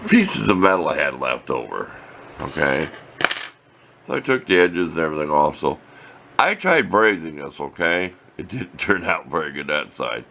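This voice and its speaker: A man's voice: a bass voice, big pitch swings, moderate pace, vocal fry, bright, forceful tone, slight background noise. An older man, rambling in a folksy, plain-spoken way as he shows off tools in his home workshop. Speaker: workshop video host. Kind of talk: casual workshop show-and-tell.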